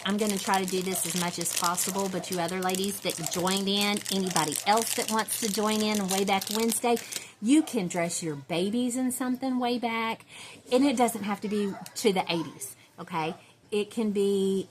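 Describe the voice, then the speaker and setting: A woman's voice: medium pitch, a little hiss or hum. Rambling woman vlogger. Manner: rambling, chatty, full of fillers and restarts. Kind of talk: casual chat to viewers.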